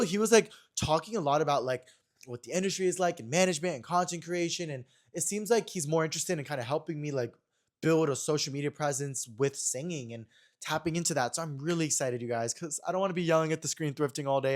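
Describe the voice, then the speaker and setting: Young male podcast host, slightly high voice, fast and chatty, animated storyteller. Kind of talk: casual chat.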